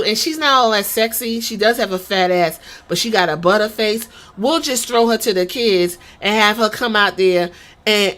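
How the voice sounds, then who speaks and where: A woman's voice: mid-range voice, a bit bright. A woman hosting a podcast, giving blunt, profane and sarcastic opinionated commentary. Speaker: podcast host.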